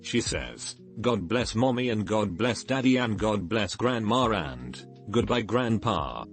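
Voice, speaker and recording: A man narrating forum posts and jokes in an even, literal read-out voice. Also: lowish voice, unhurried, faint music behind. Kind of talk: reading forum posts aloud.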